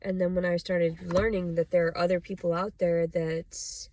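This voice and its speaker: A woman's voice: fairly low pitch, level tone, moderate pace, a little mellow. A young adult woman vlogging in a rambling personal monologue, blunt and profane, full of "like" and "you know".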